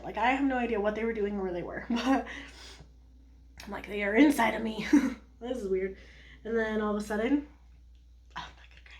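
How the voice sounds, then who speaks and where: A young woman vlogger telling a personal story to the camera while doing her makeup, chatty and full of "like" and little laughs. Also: on the high side.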